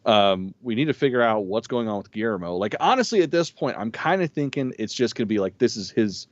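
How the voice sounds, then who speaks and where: A man co-hosting a casual review chat, relaxed and blunt, swearing casually. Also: medium pitch, a little fast, no room sound, dull audio. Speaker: co-host.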